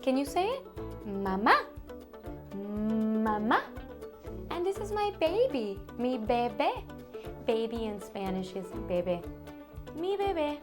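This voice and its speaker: Woman teaching toddlers, slow and sing-songy, lively high voice, music behind. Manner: slow, animated, sing-song and coaxing, addressing small children. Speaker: children's Spanish teacher host. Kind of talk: bilingual toddler lesson.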